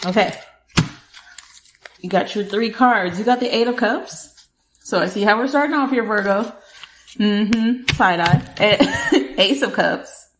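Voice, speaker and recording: A woman's voice: mid-range voice, lively intonation, slow pace, pauses often, background noise. A woman hosting a podcast, giving a casual tarot reading and talking straight to the listener, laughing often. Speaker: podcast host, tarot reader. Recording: echoey room.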